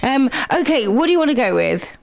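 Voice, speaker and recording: A woman's voice: high voice, very animated, a little fast, vocal fry, crowd noise. A woman presenting a radio show in a casual, chatty way, laughing easily.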